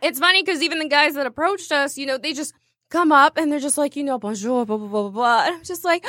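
Bright, lively American woman telling stories. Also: high voice, fast, dry recording, studio quality. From United States. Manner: animated storyteller, acts out quotes, laughs often. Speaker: radio show co-host. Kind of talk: casual chat.

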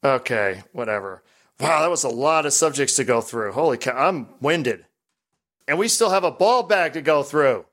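A man hosting a casual pinball podcast, chatty and rambling, animated as he talks. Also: medium pitch, normal speed. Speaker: podcast host.

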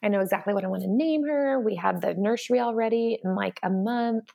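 Gravelly-voiced woman telling a personal story. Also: mid-range voice, brisk, warm tone. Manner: earnest, candid, many fillers. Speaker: guest.

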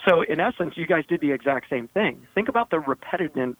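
A man's voice: fairly high pitch, animated, fast, slightly rough, dry recording. A man who trains dogs, explaining step by step in a casual podcast chat. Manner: explanatory, breaks ideas down step by step. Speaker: podcast host, dog trainer. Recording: tinny phone-like line.

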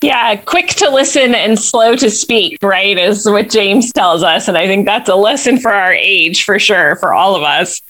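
A woman speaking as a guest in a faith conversation, thoughtful and measured, with articulate phrasing. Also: medium pitch, a bit bright.

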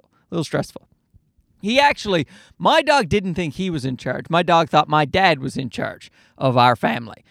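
A high-voiced man riffs through a casual comedic monologue. He swears freely, rants, and leaps from tangent to tangent. His pitch is very lively, and the recording is dry and close. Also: no echo. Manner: profane, ranting, jumps between tangents.

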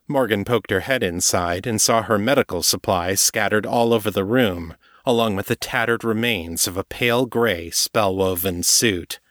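Low-voiced male audiobook narrator. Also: dry recording, studio quality. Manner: steady, measured storytelling.

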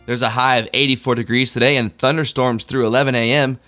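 Bright-voiced deadpan comedy news host. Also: male voice, medium pitch, fast talker, soft background music. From Kansas City area. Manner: deadpan, self-deprecating asides. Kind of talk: satirical news monologue.

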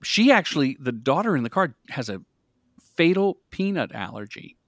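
A middle-aged man, a guest in a casual interview, telling stories in an energetic, animated way. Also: on the high side, normal speed, no echo, clean studio sound. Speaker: guest, commercial director.

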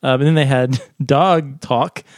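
A man's voice: medium pitch, steady tone, a little slow, no room sound, studio quality. A man co-hosting a podcast, explaining a research study in a chatty way and laughing often. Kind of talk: casual science chat.

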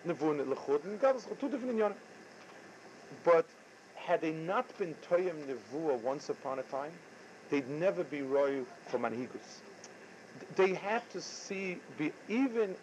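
A man giving a Torah lecture, halting and often repeating his words. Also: a little high, darkish tone, a little hiss or hum. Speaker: rabbi. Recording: dull lo-fi recording.

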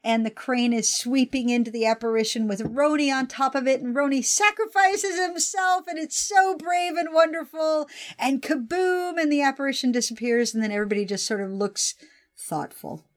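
A woman's voice: sits high, normal speed. A woman co-hosting a casual film chat, retelling the plot and acting out lines in quoted voices. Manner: animated, acts out characters in quoted voices. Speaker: podcast co-host.

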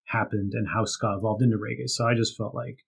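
A man's voice: on the low side, fairly even intonation, fast talker, creaky, slightly rough. A man, a guest author, chatting casually and telling a story with frequent laughs and fillers. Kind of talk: casual chat.

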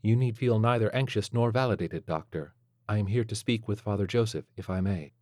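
A man voicing a polite male robot that speaks in a pleasant, naturally inflected but clearly inorganic way, formal and measured. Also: on the low side, darkish tone, no room sound, studio quality, lightly acted.

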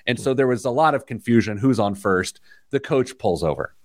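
A man hosting a talk show, telling a story with lively energy and playful asides. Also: medium pitch, fairly quick. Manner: animated storytelling, mimics voices with laughter. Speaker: podcast host. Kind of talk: casual chat.

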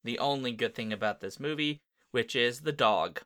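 A man with a bright, forward voice chatting on a movie podcast. He talks in a casual, enthusiastic way, his voice jumping up when he gets excited. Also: medium pitch, normal speed, smooth. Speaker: podcast co-host. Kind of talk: casual movie-review chat.

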